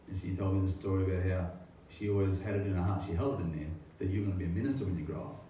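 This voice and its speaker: A middle-aged pastor tells his testimony in an earnest, wandering way, often stopping to pose rhetorical questions. His voice sits low and mellow. It is picked up from a distance in a very echoey room with a faint hiss behind it. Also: racing. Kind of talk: personal faith testimony.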